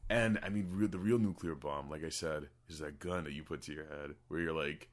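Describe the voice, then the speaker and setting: A man's voice: extremely low pitch, steady tone, fairly quick. A young man co-hosting a podcast in casual chat, swearing often and rambling through jokes. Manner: profane, rambling, jokey. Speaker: podcast co-host.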